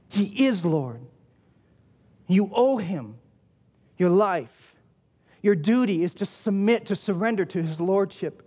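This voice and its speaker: High-voiced preacher in a reverberant hall. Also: male voice, darkish tone. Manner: emphatic, repeats key phrases for weight. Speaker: pastor. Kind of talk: sermon.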